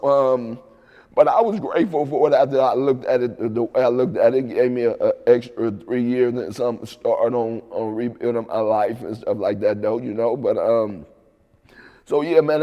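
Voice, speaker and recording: An interview guest with an ordinary male pitch tells his story at normal speed in a laid-back way, repeatedly tossing in "right?" and "man." The audio is dull and the room has a long reverb tail.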